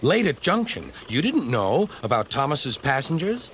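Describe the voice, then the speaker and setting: A man voicing a dashing, eager male bus in a children's storybook, sounding excitable. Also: mid-range voice, normal speed, slight background noise. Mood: determined.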